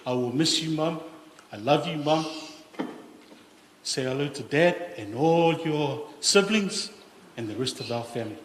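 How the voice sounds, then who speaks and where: A man's voice: on the high side, animated, unhurried, pauses often, a little hiss or hum. A middle-aged man giving a solemn, heartfelt eulogy for his mother in a large church. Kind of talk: funeral eulogy. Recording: echoey church hall, faint ambience.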